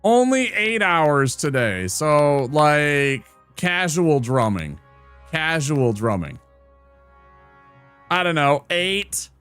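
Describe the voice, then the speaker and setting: A playful male streamer chatting over his gameplay with a fairly high, bright-toned voice. He teases and jokes as he talks, recorded close and dry. Faint music sits in the background. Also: big pitch swings, drawn-out words, smooth, dry recording. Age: adult. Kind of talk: casual gameplay commentary.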